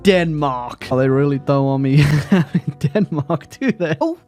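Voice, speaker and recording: Man, gaming commentary, wry and joking, slightly high voice, faint music behind. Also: a little slow, darkish tone. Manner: wry, joking, lots of fillers. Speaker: gaming YouTuber. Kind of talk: casual gameplay commentary.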